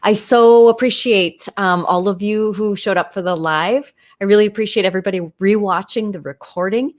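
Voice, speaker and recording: A woman's voice: mid-range voice, fairly even intonation, a little fast. A middle-aged woman hosting a casual livestream, talking in a chatty, enthusiastic way with many fillers. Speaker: livestream host.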